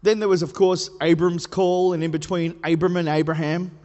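A man preaching a sermon in a conversational, playful way, building to emphatic highs. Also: little pitch movement, moderate pace, darkish tone, lo-fi sound. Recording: hall reverb.

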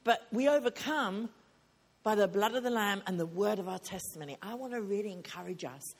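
A woman delivers a sermon at a retreat in a husky, breathy voice. Her pitch sits in an ordinary middle range. She talks like she's sharing over coffee, earnest and direct, and hammers her points home by repeating them. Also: lively intonation, fairly quick. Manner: earnest, conversational preaching with emphatic repetition. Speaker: speaker at a women's retreat.

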